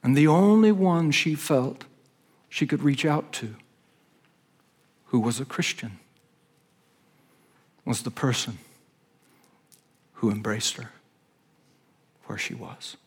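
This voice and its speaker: A man's voice: mid-range voice, slow pace, pauses often, breathy edge. A man, a pastor preaching a sermon in an earnest, conversational storytelling manner.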